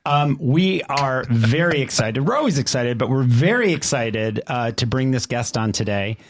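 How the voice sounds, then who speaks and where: A man co-hosting a podcast, chatty and quick to laugh at himself. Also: mid-range voice, lively intonation, slight background noise. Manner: chatty, laughs easily, self-deprecating. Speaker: podcast co-host. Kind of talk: casual chat.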